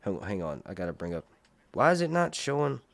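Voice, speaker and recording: A man's voice: fairly low pitch, very animated, fairly quick, vocal fry, no room sound. A man from North Carolina, chatting casually on a livestream and laughing often. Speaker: livestream TV show reviewer. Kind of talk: casual live chat.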